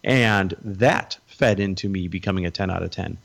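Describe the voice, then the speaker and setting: A man's voice: sits low, normal speed, vocal fry, fairly bright tone. A middle-aged man telling his story as a guest in an interview, acting out the voices of the people he quotes.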